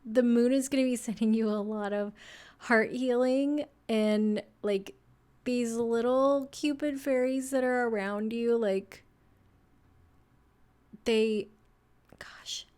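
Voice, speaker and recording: A young woman giving a casual astrology reading, soft and rambling, full of fillers, emotional and close to tears. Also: fairly high pitch, fairly even intonation, takes it slowly. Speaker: tarot reader.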